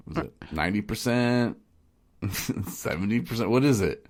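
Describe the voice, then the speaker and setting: A man's voice: on the low side, moderate pace. A man hosting a casual podcast who rambles and jokes, often restarting his sentences. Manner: rambling, joking, many restarts. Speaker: podcast host.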